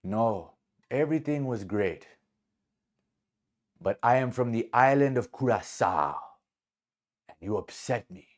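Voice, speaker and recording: A man voicing a calm, grounded male customer who speaks slowly and firmly, doing his best at the customer's accent. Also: fairly low pitch. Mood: coolly firm. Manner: slow, measured, composed.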